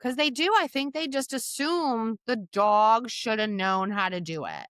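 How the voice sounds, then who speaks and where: Lively bright-voiced woman co-host. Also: a little high, unhurried, clear, resonant tone, no echo, studio quality. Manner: frequent agreeing backchannels, lively. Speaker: podcast co-host. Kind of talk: casual chat.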